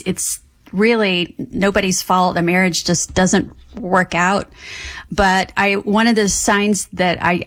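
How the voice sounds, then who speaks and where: A woman working as a psychic guest on a call-in radio show, giving gentle, earnest readings and answering questions. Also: on the low side, dry recording.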